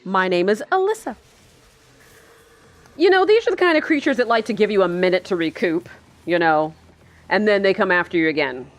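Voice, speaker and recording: A woman talks through a film as she watches it, in a casual and sarcastic way. Her voice sits at an ordinary middle pitch. She swears freely and laughs often as she reacts. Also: animated, fast. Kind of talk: casual live movie commentary. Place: indoors, seated in a chair.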